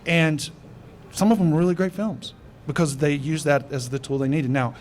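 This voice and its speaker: A man filmmaker talks through his writing advice on a festival panel, rambling and conversational. His voice is fairly high for a man, with a faint hiss in the background. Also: moderate pace, darkish tone.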